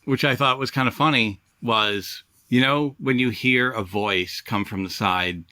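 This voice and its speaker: A middle-aged man hosting a casual podcast chat, rambling with halting restarts. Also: mid-range voice, pushed and bright, no room sound. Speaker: podcast host.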